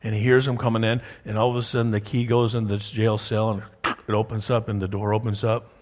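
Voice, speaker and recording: A man's voice: fairly low pitch, little pitch movement, fairly quick, a little mellow. A man preaching a sermon in a church, telling a story and often checking in with listeners. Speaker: pastor. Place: church sanctuary. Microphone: wears a clip-on mic.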